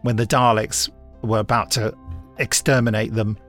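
A man's voice: lowish voice, little pitch movement, normal speed, a bit bright, soft background music. A man co-hosting a podcast in casual chat, upbeat and presenter-like, laughing easily with his co-host.

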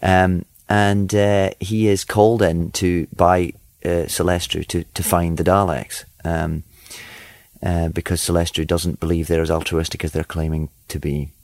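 A man's voice: deep voice, little pitch movement, unhurried, a little mellow, no echo. A Scottish actor talking about his role in an interview soundbite, hesitant with many fillers.

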